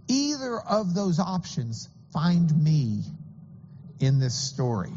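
A man's voice: fairly high pitch, sing-song, slow, a little mellow, long reverb tail, dull audio, slight background noise. A man preaching a sermon as pastor, earnest and explanatory, with occasional stammering restarts.

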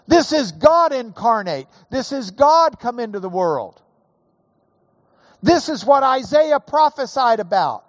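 Male pastor preaching real slow, dry muffled sound, leans hard on the big words. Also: very high voice, big pitch swings, dry recording. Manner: slow, emphatic preaching with rising emphasis. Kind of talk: sermon.

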